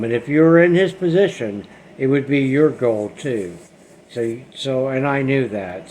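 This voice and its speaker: Slow-talking man telling ghost stories. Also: medium pitch. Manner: slow, plain-spoken, often trailing off quietly. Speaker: channel host telling paranormal experiences. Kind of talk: casual first-person storytelling. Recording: faint background noise.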